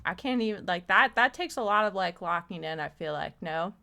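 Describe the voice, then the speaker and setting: A woman's voice: on the low side, animated, fairly quick, creaky, pushed and bright. A woman live streamer chatting casually and loosely with her viewers, swearing freely. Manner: loose, profane, talks straight to chat.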